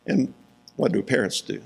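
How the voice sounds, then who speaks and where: A man preaching a sermon, reading scripture slowly and deliberately, pausing for emphasis and chuckling between points. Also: on the low side, vocal fry.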